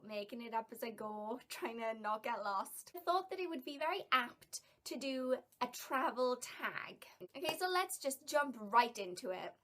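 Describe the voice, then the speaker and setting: A young woman from South Wales with a Welsh accent, chatting and rambling casually in a vlog tag video. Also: fairly high pitch. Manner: chatty and rambling, with bright bursts of emphasis. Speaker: vlogger.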